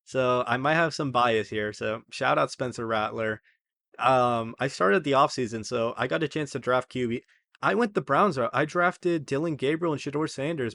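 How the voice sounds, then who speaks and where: A young man talks through his sports predictions in a casual, rambling way, often backing up and correcting himself. His voice sits at a middle pitch for a man. The sound is dry and close, with no room echo. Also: a bit bright. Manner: chatty, rambling, self-correcting. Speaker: sports video host.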